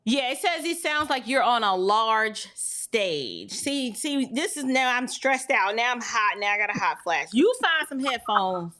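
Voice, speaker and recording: A woman's voice: a little high, lively intonation, a little slow, hardly any pauses, bright, forceful tone. A middle-aged woman hosting a livestream, chatting in a flustered way straight to her viewers. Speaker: livestream host. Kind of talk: casual livestream chat.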